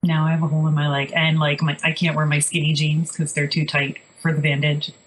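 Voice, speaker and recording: Low-voiced woman podcast host, rambly wry storyteller, casual chat. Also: little pitch movement, a little fast, slight background noise, poor audio.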